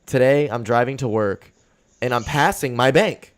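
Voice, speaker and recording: A man's voice: mid-range voice, normal speed. A young man hosting a podcast, telling a road-rage story in casual chat, swearing often and getting worked up. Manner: profane, fired-up storytelling. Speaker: podcast host.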